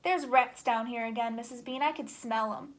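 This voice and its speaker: A woman's voice: on the high side, moderate pace, close to an everyday voice. A woman voicing a big, eager farm cook woman while reading a storybook aloud. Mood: fussing.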